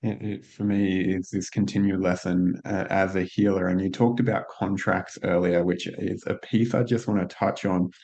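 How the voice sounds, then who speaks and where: A man with a very deep voice hosts a podcast, calm and reflective, thinking aloud as he goes. The recording sounds dull and lo-fi. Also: normal speed, hardly any pauses. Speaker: podcast host. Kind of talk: casual conversational interview.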